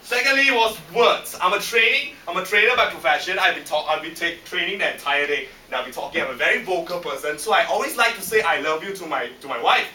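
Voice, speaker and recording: A man with a Singaporean English accent giving a humorous contest speech in a lively, punchy way that teases the audience, recorded in a function room by a far camera. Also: sits high, fast, few pauses, a little hiss or hum. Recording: echoey hall from far off.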